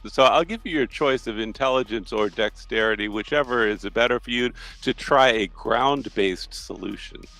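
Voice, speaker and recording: A man's voice: mid-range voice, moderate pace, few pauses, pushed and bright, faint music behind, low-quality recording. A man acting as game master, narrating a tabletop role-playing scene loosely, with frequent restarts.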